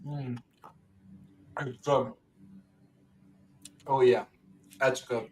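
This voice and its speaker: A man's voice: mid-range voice, steady tone, very slow, darkish tone, recorded from a distance, slight background noise. A man with a New York accent hosting a livestream, talking in a brash, repetitive way and swearing often. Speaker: livestream host. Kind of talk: casual profane chat.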